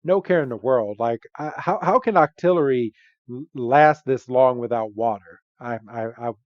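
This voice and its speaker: A man co-hosting a casual podcast, walking through a film and quoting its characters between bursts of laughter. His voice sits at an ordinary pitch. The recording is dry and slightly dull, with a lo-fi edge. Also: moderate pace, no room sound. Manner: retells scenes quoting characters, laughs often. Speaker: podcast co-host. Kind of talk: casual movie recap chat.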